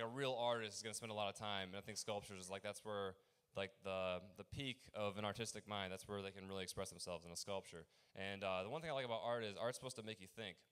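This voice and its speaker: A young man performing a rambling open mic stand-up set, halting often with fillers and restarts. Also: fairly low pitch, fairly bright tone, clean tone.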